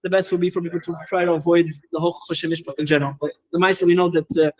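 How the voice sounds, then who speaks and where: A rabbi in his classroom works through a legal topic for his students, moving fast and stumbling through fillers and restarts. His voice sits a little high for a man. Hebrew and Yiddish terms run all through his English. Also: level tone, darkish tone, rough recording. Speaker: rabbi teaching a Torah class. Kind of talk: lecture.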